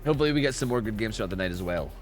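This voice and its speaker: A man's voice: on the low side, very fast, faint music behind. A man hosting a live game stream, chatting casually and explaining match rules with lots of fillers. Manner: animated, rambling, full of fillers.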